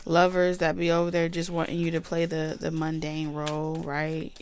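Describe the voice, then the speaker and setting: A woman's voice: low voice, monotone, moderate pace, darkish tone, slight background noise. A woman giving a casual tarot reading, chatty, blunt and profane. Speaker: tarot reader.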